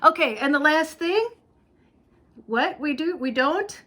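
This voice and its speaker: A woman's voice: high-pitched, lively intonation, slow, pushed and bright. A woman in her fifties hosting a casual chat with her mother, upbeat and giggly, often laughing. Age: 50s. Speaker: vlog host.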